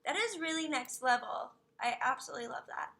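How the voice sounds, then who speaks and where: Gushing woman streamer with a high voice; casual chat, soft asides. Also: animated, fairly quick. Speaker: live streamer.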